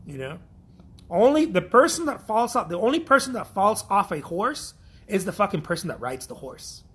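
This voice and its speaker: A man's voice: sits high, sing-song, moderate pace, fairly bright tone, breathy edge. A man from Mexico, an artist giving a blunt, profane, repetitive pep talk in a casual vlog.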